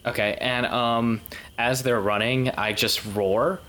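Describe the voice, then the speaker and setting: A man speaks as a player in a tabletop game. His voice is bright and a little tense, and he talks slowly in a laid-back way. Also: medium pitch, steady tone.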